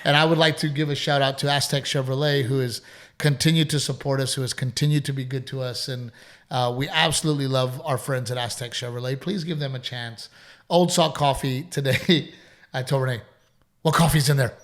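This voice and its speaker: Guy in his 40s hosting a podcast, easygoing rambling chat, average pitch. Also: brisk. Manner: relaxed, rambling storyteller with laughs. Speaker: podcast host. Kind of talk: casual chat.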